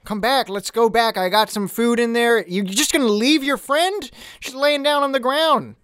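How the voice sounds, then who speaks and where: A man's voice: extremely high pitch, normal speed, fairly bright tone, slight background noise, voice pushed up. A player voicing an eager, earnest male adventurer who pleads for peace in a tabletop game. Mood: pleading. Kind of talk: tabletop game role-play.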